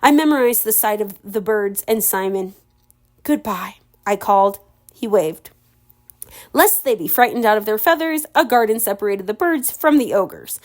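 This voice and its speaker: A woman reads a storybook aloud to a relative in an informal way, fixing her own slips and adding chatty asides. Her medium-pitched, slightly mellow voice is animated, and she keeps a moderate pace.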